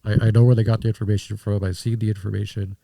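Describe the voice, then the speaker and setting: A man's voice: lowish voice, level tone, very fast, vocal fry, dark tone, no echo, clean studio sound. A man talking as a podcast guest in casual conversation, reflective and rambling with restarts.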